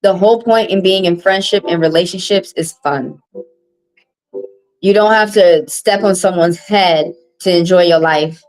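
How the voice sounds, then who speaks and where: A woman's voice: lowish voice, measured pace, faint music behind, low-quality recording. A woman hosting a tarot live stream, talking bluntly and profanely in a casual monologue and repeating phrases for emphasis.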